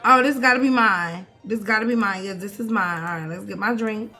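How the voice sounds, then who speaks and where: A young woman, giving animated, swearing, mock-outraged commentary as she plays a life-sim game. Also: mid-range voice, brisk, hardly any pauses, faint music behind. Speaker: gaming streamer. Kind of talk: casual gameplay commentary.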